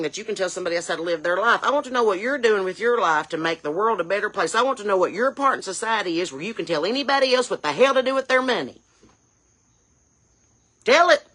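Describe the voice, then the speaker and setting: A woman's voice: mid-range voice, fairly bright tone. A woman playing a brash, indignant chain-smoking mom, scolding and firing off rhetorical questions. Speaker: comedy character creator. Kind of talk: character comedy rant.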